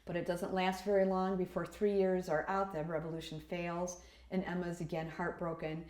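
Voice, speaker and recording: Woman, history presenter, low-ish voice, chatty, lots of fillers, echoey room. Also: flat delivery, moderate pace, a little mellow. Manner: chatty, many ums and uhs.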